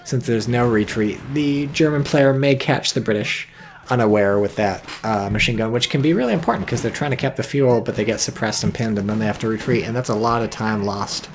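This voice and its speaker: Man, video game caster, gravelly voice, excitable and profane, faint noise behind. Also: mid-range voice, a little fast. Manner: excitable, profane, wry asides. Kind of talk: casual game commentary.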